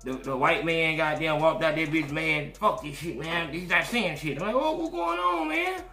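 A man hosting a podcast tells stories in loose, profane, animated talk. His voice sits high and sounds bright and forceful. It echoes around the room over faint music. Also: normal speed. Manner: profane, animated, acts out quotes. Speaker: podcast host. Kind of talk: casual storytelling chat.

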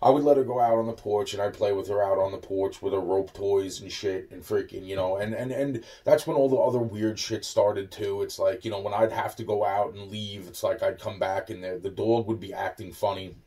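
A man's voice: lowish voice, steady tone, brisk, hardly any pauses, warm tone. A man ranting about his troubles in a loose, profane way, full of fillers and restarts. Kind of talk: rambling personal rant. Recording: voice a bit far from the mic.

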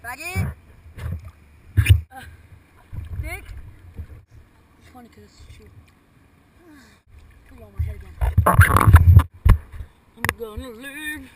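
A man mocks his friends with a steady stream of swearing and deadpan insults. He drawls at a slow, unhurried pace. His voice sits in a middling register and comes from some distance off a camera mic, with loud boat engine noise behind it. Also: extremely high pitch. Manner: crude, swearing, teasing. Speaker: vlogger filming friends. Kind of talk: casual joking commentary. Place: outdoors by water.

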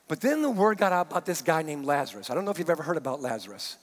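A male pastor preaching a sermon, telling stories in an animated way and acting out the people in them. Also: fairly high pitch, quick pace, few pauses. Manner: animated storyteller, acts out the people in his stories. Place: church sanctuary. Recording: long reverb of a church hall.

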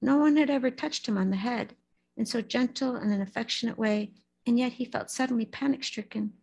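A woman at a Buddhist service reading a story aloud in a steady, storytelling manner, sometimes stumbling on names. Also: a little high, a little fast, vocal fry, breathy edge, poor audio. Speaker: lay speaker at a Buddhist service.

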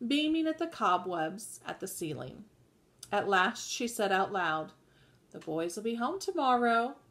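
A woman reading a novel aloud in a measured way, sometimes correcting herself mid-sentence. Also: medium pitch, a bit bright. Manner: measured, occasional self-corrections. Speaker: audiobook reader.

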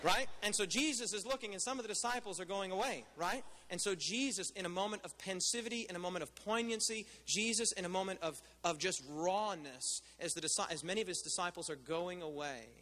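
A man preaches in a high, ringing voice. He talks with his congregation as much as to them and keeps checking that they follow. His sermon echoes around a large hall. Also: fairly quick, hardly any pauses, bright, forceful tone. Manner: conversational preaching, asks the crowd questions. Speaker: pastor.

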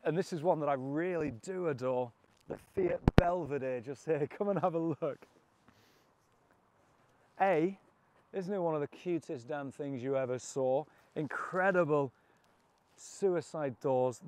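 A British man with a fairly high voice guides viewers around a classic car auction. He gushes over each car with cheeky asides and quick jokes, sounding thrilled by everything he sees. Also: a little mellow. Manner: enthusiastic, cheeky and jokey. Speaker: car vlogger. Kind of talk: walkaround presenting.

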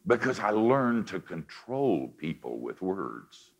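An older man with a deep voice preaching a confessional sermon, swinging between forceful lines and hushed ones. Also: very animated, slow, vocal fry, slightly rough, muffled recording.

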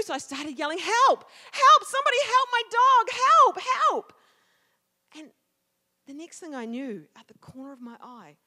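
A woman telling a personal story in a sermon, animated, acting out the shouts and quoted words of the people in it. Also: sits high. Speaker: church speaker. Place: church sanctuary. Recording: long hall reverb.

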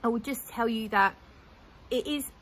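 A woman's voice: on the high side, moderate pace, low-quality recording. A woman, chatting casually and enthusiastically as a fragrance vlogger, rambling a little as she goes. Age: 40s. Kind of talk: casual chat.

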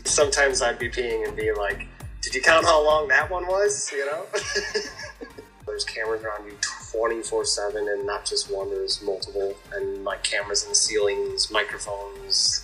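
A man's voice: fairly low pitch, bright, forceful tone, poor audio. Easygoing man telling rambling stories. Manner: rambling, laughs between stories. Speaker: reality show guest. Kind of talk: casual interview answers.

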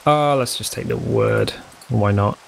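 A man's voice: mid-range voice, a little slow, gravelly, slight background noise, poor audio. A man giving casual gameplay commentary, thinking aloud, counting blocks and making self-mocking asides. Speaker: let's play host.

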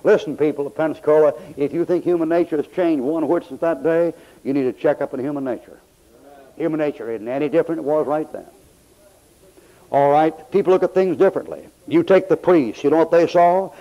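A man's voice: on the high side, fairly quick, warm tone. An older man preaching a sermon in a folksy, storytelling way. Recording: dull lo-fi old tape.

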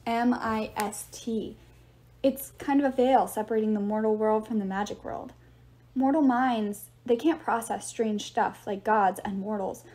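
A woman's voice: medium pitch, moderate pace, warm tone, close to an everyday voice. A woman reading aloud, voicing a weary teenage girl who explains things in a subdued tone. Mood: explaining. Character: weary, worried teen girl, calm and explaining. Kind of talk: audiobook reading.

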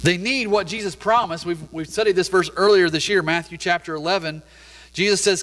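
Laid-back pastor preaching in a reverberant hall. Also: male voice, on the high side, a little fast, fairly bright tone. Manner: conversational storytelling, laid-back. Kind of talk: sermon. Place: church sanctuary.

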